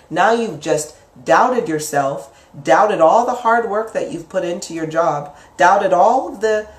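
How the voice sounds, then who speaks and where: A woman giving a casual spoken lesson on the mind, chatty and lively, acting out inner voices with sudden leaps up in pitch. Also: distant mic. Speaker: psychic teacher. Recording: echoey room, speaker away from the mic.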